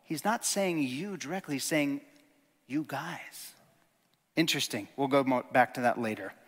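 A man preaching a sermon in a conversational, animated way, with jokes and sudden emphatic stresses. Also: mid-range voice, a little fast, big-room sound.

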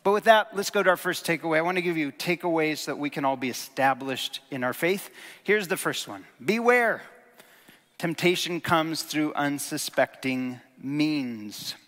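A man preaching a sermon in a conversational, animated way, with jokes and sudden emphatic stresses. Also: fairly high pitch, normal speed, long reverb tail.

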